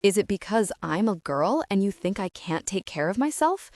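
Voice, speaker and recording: A woman's voice: medium pitch, big pitch swings, moderate pace, darkish tone, dry recording. A woman voicing a prickly, guarded teenage vampire girl in an audiobook, curt and defensive.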